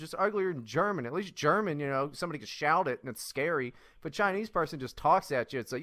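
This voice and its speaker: Animated, bright-voiced male podcast host. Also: fairly high pitch, fast, hardly any pauses, no room sound, clean studio sound. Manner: animated, crude, mocking. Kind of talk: casual podcast chat.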